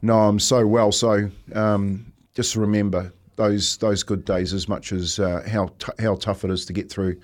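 A man with a New Zealand accent, a former teammate talking casually on a podcast. He speaks in a reflective, halting way, often says "mate", and laughs as he tells stories. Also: lowish voice, flat delivery. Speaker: former rugby teammate, guest.

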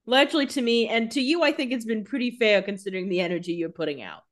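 A woman's voice: fairly high pitch, quick pace. A young woman co-hosting a casual podcast, bantering bluntly with jokes and casual swearing. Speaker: podcast co-host. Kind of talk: casual chat.

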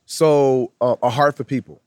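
A man's voice: medium pitch, fairly even intonation, moderate pace, darkish tone, dry recording, studio quality. A man who works as a minister and speaker, talking emphatically in a casual conversation and building long repeated lists like a preacher.

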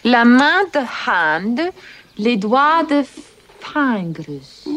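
An actress playing a young French princess who eagerly practises English words, speaking with a French accent in a period film. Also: female voice, a little high, sing-song, extremely slow, fairly bright tone, exaggerated voice. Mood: playful, earnest.

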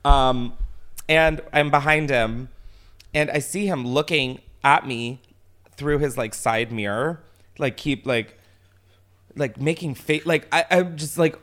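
A man casually telling a story as a podcast host, animated, swearing often and laughing as he talks. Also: medium pitch, slow, pauses often.

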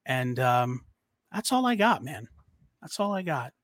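A male podcast host in casual chat, excitedly promoting an event with lots of fillers. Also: mid-range voice, a little slow, no echo, studio quality. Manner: excited, hyped promo talk.

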